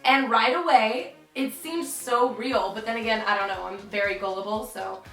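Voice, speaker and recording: A woman's voice: fairly high pitch, moderate pace, fairly bright tone, roomy sound. Young woman, storytime vlog, chatty and dramatic, heard from a distance, faint music. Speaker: vlogger.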